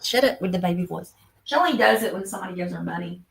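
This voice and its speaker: A woman's voice: lowish voice, animated, fast talker, creaky, a little hiss or hum, rough recording. A woman in her fifties hosting a casual livestream chat, talking bluntly and scolding emphatically. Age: 50s. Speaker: livestream host.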